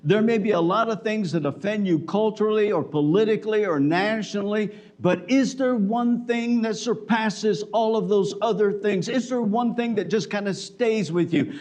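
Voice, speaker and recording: High-voiced man preaching a sermon. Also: animated, moderate pace, darkish tone. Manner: conversational preaching with acted-out dialogue. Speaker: pastor. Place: church.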